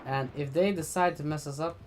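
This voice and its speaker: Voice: mid-range voice, a little fast, a little hiss or hum. Blunt, rambling Swedish vlogger. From Sweden. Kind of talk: casual commentary.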